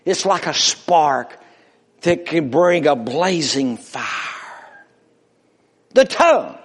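Male preacher, slightly high voice, unhurried emphatic sermon delivery, reverberant church sound. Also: expressive, a bit bright, husky. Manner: slow, emphatic preaching with rising and falling delivery.

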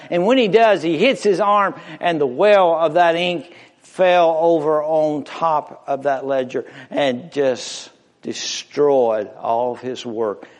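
A man preaching a sermon to a congregation in a church, impassioned, swinging from loud emphatic rises to hushed near-whispers. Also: on the high side. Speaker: pastor. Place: church sanctuary before a congregation. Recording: long reverb of a large hall.

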